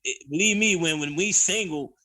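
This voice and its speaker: Man, podcast guest, casual chat, high voice, bright tone, blunt and profane, animated storyteller. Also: moderate pace.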